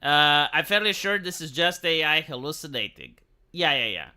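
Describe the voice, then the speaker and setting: A man's voice: on the high side, expressive, moderate pace, bright, forceful tone. Rambling Romanian man streaming live. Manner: rambling, profane, frequent restarts. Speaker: live streamer reacting to a video. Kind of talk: casual live-stream commentary.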